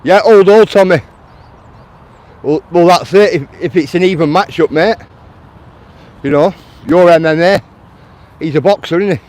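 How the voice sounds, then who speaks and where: A man's voice: high voice, moderate pace, long pauses, a little mellow. A man with a Lancashire accent, chatting to live-stream viewers while he walks outdoors through a town, answering their comments and calling them mate. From Lancashire, England. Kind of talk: casual walking live stream. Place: outdoors in a town, near traffic.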